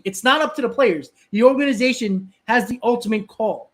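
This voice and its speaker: A man's voice: extremely high pitch, normal speed, a bit bright. Argumentative man hosting a live stream. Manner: argumentative, repeats words and restarts, answers chat. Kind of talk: casual live-stream rant.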